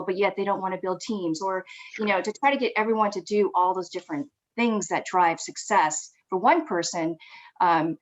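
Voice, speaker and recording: A woman speaking on a business panel in a steady, practical way with many fillers. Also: fairly low pitch, low-quality recording. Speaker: panelist, direct sales executive. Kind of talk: panel discussion.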